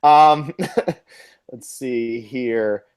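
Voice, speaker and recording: A man of middle pitch co-hosting a casual podcast interview. He reads listener questions aloud to the guest and reacts with short remarks. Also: extremely slow, smooth. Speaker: podcast co-host.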